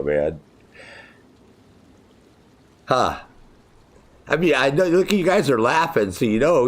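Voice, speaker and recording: Male gamer-streamer, profane joker, lively up-and-down pitch, easy laughs. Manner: profane, joking, laughs often while chatting with viewers. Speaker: game streamer. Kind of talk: casual livestream chat.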